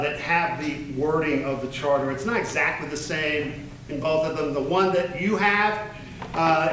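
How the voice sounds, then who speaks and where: A man with a high voice gives a relaxed history lecture to a seated audience, stopping to explain terms and check in with the room. His voice rings around a roomy hall, with a faint hiss underneath. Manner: explanatory, loose, asks the audience "right?". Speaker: church warden giving a history lecture. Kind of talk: conversational public lecture. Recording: roomy echo, faint background noise.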